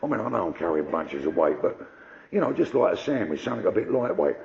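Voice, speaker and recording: An older man doing gruff, conversational stand-up storytelling. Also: low-pitched, big pitch swings, fast talker, darkish tone, muffled recording. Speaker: stand-up comedian.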